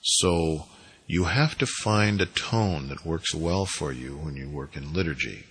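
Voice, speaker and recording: A man with a husky voice giving an emphatic, deliberately inflected spiritual lecture on priesthood. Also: very deep voice, fairly bright tone, rough recording. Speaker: spiritual teacher.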